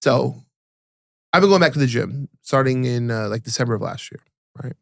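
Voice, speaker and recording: A man co-hosting a casual podcast, telling stories animatedly and acting out quotes in a higher voice, often repeating and restarting words. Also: lively intonation, normal speed, vocal fry, fairly bright tone, no echo, clean studio sound. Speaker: podcast co-host.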